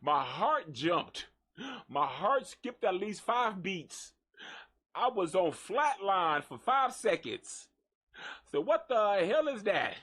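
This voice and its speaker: A man hosting a live gossip show, joking and cursing in an animated, mocking way. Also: high-pitched, slow. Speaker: host. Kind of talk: live gossip radio talk.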